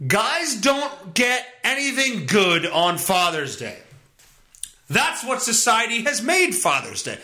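A man's voice: high voice, very animated, slow, pushed and bright. A man hosting a solo podcast, ranting in a worked-up way and swearing often. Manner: profane, worked-up rant. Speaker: podcast host.

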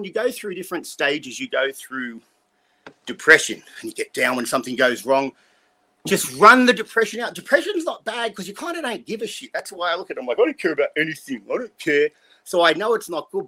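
A man's voice: mid-range voice, bright, forceful tone. A blunt man in his fifties, rambling and swearing as he talks through life lessons in an interview. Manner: blunt, rambling, profane motivational talk. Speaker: guest. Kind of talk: casual interview talk.

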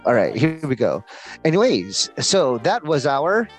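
Animated joking man co-hosting. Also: mid-range voice, a little slow, faint music behind. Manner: crude joking, laughs often, animated. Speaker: podcast co-host. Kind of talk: casual stoner banter.

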